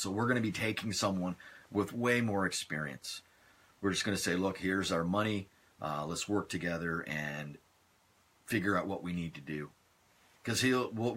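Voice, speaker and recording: A man hosting a casual live stream from his phone, chatting in a relaxed, rambling way as he answers viewer comments. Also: low-pitched, slightly rough.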